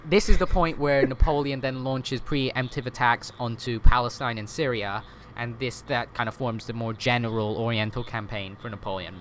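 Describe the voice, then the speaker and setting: A man's voice: medium pitch, steady tone, moderate pace, few pauses, fairly bright tone, a little hiss or hum. A man explaining history in a casual podcast chat, with lots of fillers, self-corrections and "right?" tag questions.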